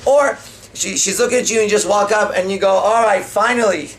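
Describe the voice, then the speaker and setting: In a casual dating seminar, a man coaches the audience, cursing freely and performing pickup lines as he breaks them down. He has a high voice and talks quickly, staying animated throughout.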